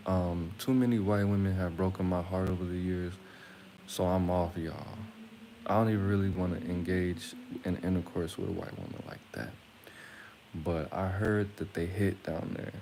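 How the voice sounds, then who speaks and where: A man's voice: deep voice, vocal fry, a little mellow, a little hiss or hum. A man from Atlanta casually telling rambling, joking, crude stories to his viewers. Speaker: streamer.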